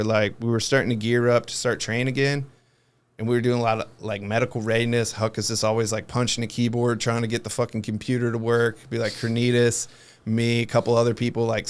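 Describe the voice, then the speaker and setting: A man's voice: medium pitch, smooth. A man hosting a podcast, telling stories in casual chat, swearing often and laughing a lot. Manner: profane, laughing storytelling. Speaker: podcast host.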